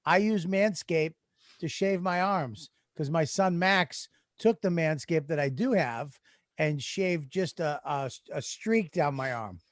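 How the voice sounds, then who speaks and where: Man, casual podcast co-host, blunt, slightly high voice, dry sound. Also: slow, no echo. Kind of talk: casual chat.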